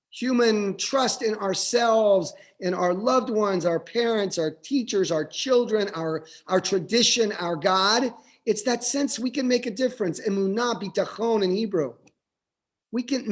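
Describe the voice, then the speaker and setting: A man, a rabbi, giving a reflective Hanukkah sermon over a video call, halting and restarting as he thinks. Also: high-pitched.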